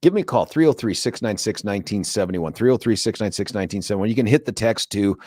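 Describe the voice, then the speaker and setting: A middle-aged man hosting a radio talk show, telling stories in a jokey, animated way with laughs. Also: lowish voice, fast, no room sound. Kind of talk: casual radio chat. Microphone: studio microphone.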